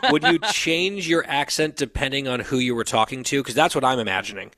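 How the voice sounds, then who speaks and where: A skeptical man co-hosting a casual chat, teasing his partner and picking apart her plan with pointed questions. His voice sits at an ordinary pitch for a man. The recording is dry and close. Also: normal speed, pushed and bright, no room sound. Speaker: co-host.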